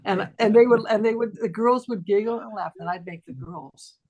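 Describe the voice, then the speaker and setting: A middle-aged voice teacher shares a casual story on a talk stream, voicing its characters with large pitch jumps. She talks at normal speed in a slightly mellow voice, and the audio sounds dull.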